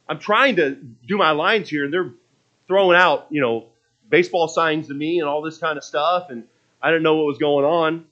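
A man's voice: medium pitch, fairly quick, lo-fi sound. Conversational man preaching a sermon. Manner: conversational storytelling preaching with repeated restarts.

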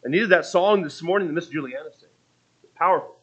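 A man's voice: fairly high pitch, quick pace, fairly bright tone, husky, lo-fi sound. A man preaching a sermon in a conversational, storytelling way, often restarting his phrases.

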